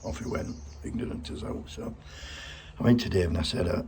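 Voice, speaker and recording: A man's voice: deep voice, brisk, a little mellow, slight background noise. A middle-aged man giving a blunt, heartfelt spoken tribute and swearing freely.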